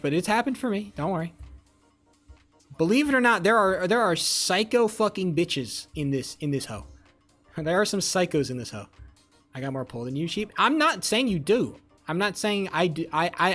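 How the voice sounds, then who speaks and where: A man's voice: fairly high pitch, fairly bright tone. A young man chatting casually with his live-stream viewers, rambling, swearing and joking as he reads chat. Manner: rambling, profane, jokey, talks to chat.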